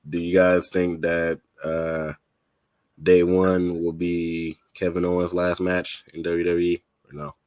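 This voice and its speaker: Deep-voiced dude rambling about wrestling on a podcast, chill. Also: male voice, monotone, takes it slowly, a little mellow, clear, resonant tone, no room sound. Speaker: podcast co-host. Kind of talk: casual wrestling chat.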